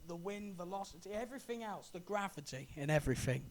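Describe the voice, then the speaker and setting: A man co-hosts a casual podcast, explaining things in an emphatic, lecturing way. His voice sits high for a man, and there is a faint hiss of background noise. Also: animated, fast. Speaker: podcast co-host. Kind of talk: casual chat.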